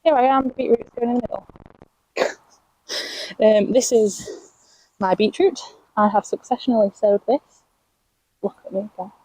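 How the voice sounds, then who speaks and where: Young woman from England, casual chatty vlog, warm mellow tone, slightly husky, outdoors on camera mic. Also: fairly high pitch, unhurried, long pauses, no echo, poor audio. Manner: chatty, talks to her plants, laughs at herself. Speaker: allotment vlogger. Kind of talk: casual chat while gardening. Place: outdoors at an allotment plot.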